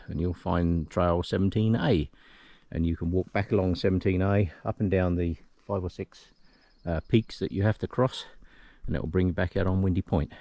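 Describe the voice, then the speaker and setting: Deep, mellow man guiding a trail walk. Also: dry recording. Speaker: trail volunteer vlogger. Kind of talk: casual walking narration. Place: outdoors on a mountain trail. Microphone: handheld camera, filming while walking.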